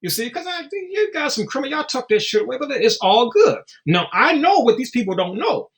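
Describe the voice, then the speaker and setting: His pitch is extremely high, his delivery very animated and a little fast. A blunt, profane guest in an easygoing interview, the man narrates stories and voices the quotes himself.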